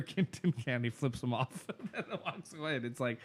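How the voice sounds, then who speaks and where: Retelling a scene from a show on a casual podcast, this co-host talks at a moderate pace in an expressive mid-range voice. He rambles, laughing often and leaning heavily on fillers.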